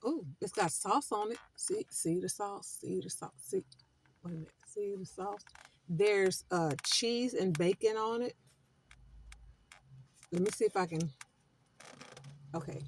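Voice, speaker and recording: A woman's voice: medium pitch, measured pace, pauses often, a little hiss or hum. Emphatic woman vlogging. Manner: emphatic, repeats words, lecturing then chatty. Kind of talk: casual vlog talk to viewers.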